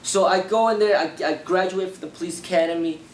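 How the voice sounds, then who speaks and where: Man, young, rambling storyteller, repeats himself, echoey room, faint rumble. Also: quick pace. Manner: rambling, repeats phrases and fillers. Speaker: martial arts channel host. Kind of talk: casual personal storytelling.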